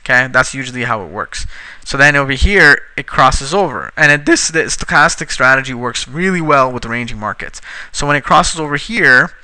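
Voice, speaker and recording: A man teaching a trading strategy over a screen recording, casual and increasingly frustrated, swearing at his slow computer. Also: mid-range voice, animated, sharp tone, smooth, no echo. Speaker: trading instructor.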